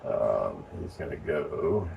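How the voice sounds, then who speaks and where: A man giving relaxed, step-by-step training to church volunteers, recorded in a church. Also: a bass voice, takes it slowly, vocal fry, lo-fi sound. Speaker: lighting instructor. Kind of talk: casual hands-on training. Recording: distant mic with faint noise.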